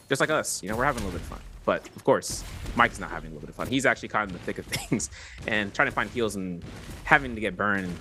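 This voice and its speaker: Guy casting esports, bright edgy voice, bouncy delivery, lots of banter. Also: on the low side, lively intonation, quick pace, slight background noise. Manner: banter, laughs along. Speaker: esports caster. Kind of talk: playful esports commentary.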